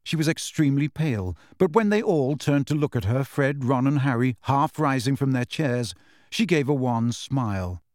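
A man narrating an audiobook in a measured, even storytelling delivery. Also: medium pitch, no echo, studio quality.

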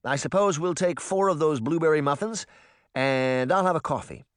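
A man's voice: a little high, moderate pace, dry recording, studio quality, pitched above the performer's own voice, close to an everyday voice. A man voicing a charming, flirty grown uncle who talks in an easygoing, wry way in a storybook reading. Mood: cheerful.

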